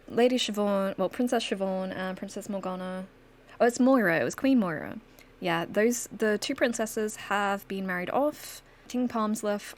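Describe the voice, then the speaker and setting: A chatty woman narrating her life-sim gameplay in a casual, storytelling way. Her voice sits in a middle pitch, with faint hiss behind her. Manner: chatty, storytelling, laughs often. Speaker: gaming channel host.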